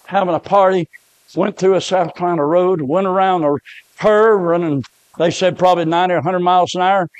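A middle-aged male pastor preaches a heartfelt, story-filled sermon with emotion. His voice sits a little high and is a little mellow, and the recording is dry and close with no room echo.

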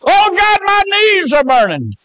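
A man's voice: very high voice, wildly swooping pitch, a little slow, sharp tone, dry recording, voice pushed up, exaggerated voice, low-quality recording. An old man acting out a dying woman who cries out in agony that she is burning. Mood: anguished. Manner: wailing cries.

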